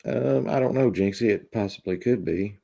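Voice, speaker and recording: A man hosting a live stream, chatting casually with viewers in a deadpan, rambling way full of fillers. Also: fairly low pitch, moderate pace, gravelly. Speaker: live-stream host reading chat.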